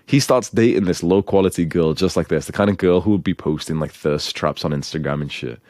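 A man's voice: sits low, a little fast, a little mellow, dry recording, studio quality. Blunt, profane young man lecturing. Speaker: dating advice coach. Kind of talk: blunt advice monologue.

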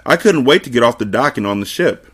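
A man's voice: mid-range voice, lively intonation, fast, breathy edge. A man hosting a podcast, reading a novel aloud and dropping laid-back, conversational asides. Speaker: podcast host.

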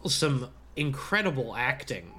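A man talking about films in an unhurried, easygoing way. He hesitates and searches for words, and he is quick to laugh. His pitch is ordinary and his pace is slow. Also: very animated, over a noisy crowd. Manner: laid-back, hesitant, laughs easily. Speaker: podcast co-host. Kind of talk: casual movie chat.

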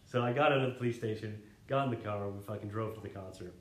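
A man's voice: fairly low pitch, fast talker, slight background noise. Young man, casual rambling storyteller, swears a lot, echoey room. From Canada. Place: living room.

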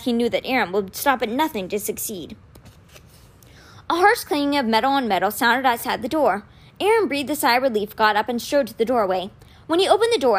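A woman reading a children's novel aloud with expressive storytelling. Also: on the high side. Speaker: reader.

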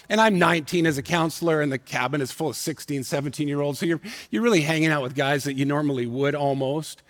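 A man preaching a sermon, telling a personal story in an earnest, emotional way and slowing down for emphasis. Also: a little high, a bit bright, long reverb tail. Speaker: pastor. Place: church sanctuary.

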